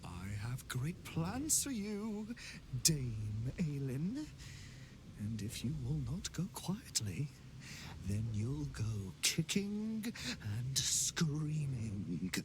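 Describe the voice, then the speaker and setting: A scheming wizard holed up in his tower, silky and condescending, his voice swooping up and down with theatrical flair. He speaks slowly and deliberately, and steady noise hangs under the game audio. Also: mid-range voice. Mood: menacing.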